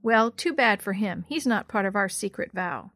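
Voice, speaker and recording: A woman voicing a kind, thoughtful older sister in a storybook, explaining things gently and patiently. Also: mid-range voice, animated, moderate pace, no room sound, clean studio sound.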